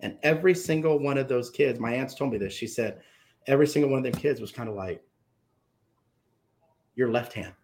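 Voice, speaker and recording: A man's voice: mid-range voice, brisk, pauses often, darkish tone. A man, a guest author, telling an emotional story from his own life and acting out the voices of the people in it.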